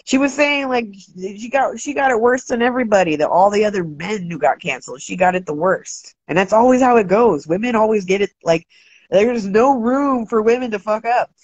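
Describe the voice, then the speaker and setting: A woman hosting a casual livestream, talking fast and loose, swearing freely and ranting, shouting out viewers. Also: medium pitch, breathy edge, no room sound. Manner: profane, animated, ranting. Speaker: livestream host. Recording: dry, dull lo-fi sound.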